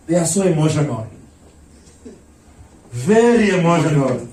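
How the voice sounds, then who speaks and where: A man preaching a sermon as a pastor, breaking into shouts and mocking impressions of others. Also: on the high side, expressive, a little slow. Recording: echoey room, mic at a distance.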